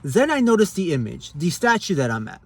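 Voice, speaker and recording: A man with a slightly raised voice tells a personal religious testimony in a relaxed, conversational way. His delivery is earnest and unpolished, full of casual slang and sentences that restart as he goes. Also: high voice, fairly quick, husky, no echo. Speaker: Catholic giving a personal testimony.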